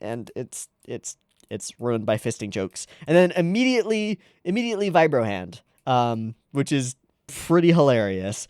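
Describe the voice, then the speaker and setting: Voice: medium pitch, big pitch swings, normal speed, a little mellow, smooth, no echo, clean studio sound. An anime reaction host giving casual, rambling, sarcastic commentary on episodes.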